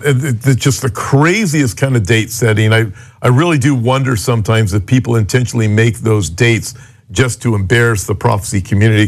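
Earnest man explaining on a radio ministry. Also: medium pitch. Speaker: pastor and co-host.

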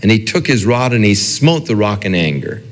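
A man's voice: fairly low pitch, lively intonation, normal speed, long reverb tail. A man preaching a sermon as a pastor, talking conversationally and acting out the quoted dialogue.

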